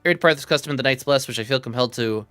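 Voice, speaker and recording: A man's voice: mid-range voice, very fast, sharp tone, no echo, soft background music, voice pushed up, natural voice. A man reading aloud the lines of a solemn male elf scholar who speaks in old-fashioned formal phrases. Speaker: streamer reading game dialogue.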